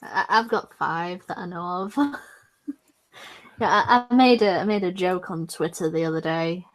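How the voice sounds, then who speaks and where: Slow-talking Northern English woman, giggly. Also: on the low side. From Northern England. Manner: giggly, self-deprecating. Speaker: podcast panelist. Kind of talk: casual chat.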